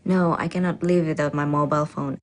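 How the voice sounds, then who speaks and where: A woman's voice: low-pitched, steady tone, brisk. A woman answering practice speaking test questions with careful, plain replies and small hesitations.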